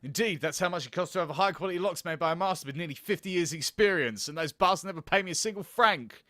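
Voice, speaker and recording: A man's voice: high voice, quick pace, fairly bright tone, dry recording, studio quality. A man voicing a proud, stubborn old master locksmith who grumbles about never getting paid, in a video game. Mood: defensive grumbling.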